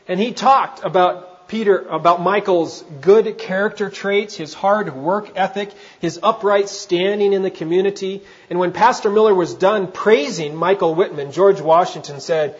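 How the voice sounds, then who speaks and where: A man preaching from the pulpit, with a voice that sits a bit high for a man. He talks in a conversational way and puts questions to his listeners. The recording is dull and lo-fi. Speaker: pastor. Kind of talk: sermon.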